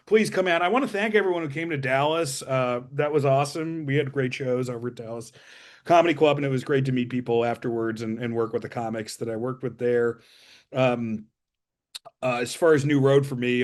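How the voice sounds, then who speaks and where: Rambling man reading podcast plugs. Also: medium pitch. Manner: rambling, self-deprecating, halting fillers. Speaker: podcast host. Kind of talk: solo podcast intro with show plugs.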